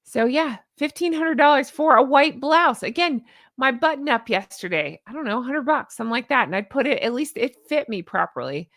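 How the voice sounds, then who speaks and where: A woman's voice: high voice, animated, brisk, fairly bright tone, no echo, clean studio sound. A woman in her forties giving casual commentary as a vlogger, sarcastic and exasperated, often laughing. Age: 40s.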